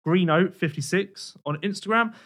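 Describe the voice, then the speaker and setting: A man's voice: high-pitched, moderate pace, fairly bright tone. A man co-hosting a casual podcast, bantering in a dry, teasing way. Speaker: podcast co-host. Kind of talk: casual chat.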